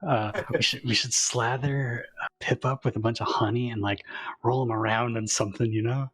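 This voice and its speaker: A man playing in a tabletop game, musing aloud with drawn-out filler words. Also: mid-range voice, steady tone, a bit bright, slightly rough, no echo. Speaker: player. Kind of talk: casual tabletop play.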